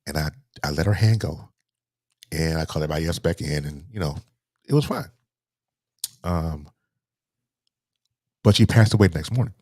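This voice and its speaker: Deep husky man telling a personal story. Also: animated, no echo, studio quality. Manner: halting, repeats words, voice drops low and soft. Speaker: interview guest.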